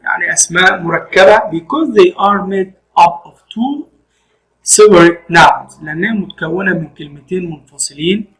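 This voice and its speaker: A man's voice: high-pitched, rapid-fire, a bit bright, poor audio. A male English teacher with an Egyptian accent, running a classroom lesson and explaining each point again in Arabic.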